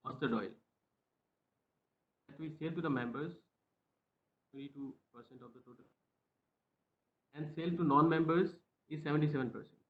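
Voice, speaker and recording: A man presenting slides in a webinar over a video call, hesitant with many fillers and speaking softly. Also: mid-range voice. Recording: tinny phone-like line in an echoey room.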